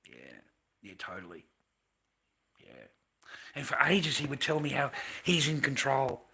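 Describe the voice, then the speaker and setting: A man's voice: medium pitch, big pitch swings, normal speed, gravelly, pauses often, sharp tone, husky. A middle-aged man, telling long, loose stories on a livestream with plenty of swearing and slang. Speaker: livestream host. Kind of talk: rambling casual storytelling.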